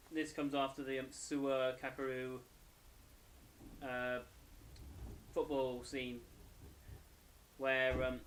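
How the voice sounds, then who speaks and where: A man's voice: medium pitch, slight background noise. Tired man rambling through a review. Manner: rambling, self-correcting. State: tired, yawning. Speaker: anime reviewer. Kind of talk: casual episode review.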